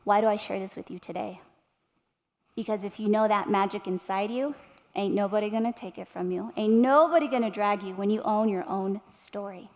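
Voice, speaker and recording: A woman's voice: mid-range voice, brisk, darkish tone. A woman in her thirties giving a motivational keynote speech, telling stories with animation and speaking directly to the audience with tag questions. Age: 30s. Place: large hall at an arts center. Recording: long hall reverb.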